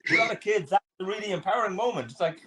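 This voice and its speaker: Brief: Irish man, quick earnest delivery, movie chat. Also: high voice, expressive, fairly bright tone. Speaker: podcast co-host. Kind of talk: casual movie review chat.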